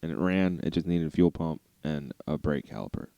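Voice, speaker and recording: A man's voice: very deep voice, lively intonation, brisk, creaky, warm tone, smooth, dry recording, highs cut off. A man co-hosting a car podcast, telling rambling stories in a laid-back way and laughing often. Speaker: podcast co-host. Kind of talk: casual chat.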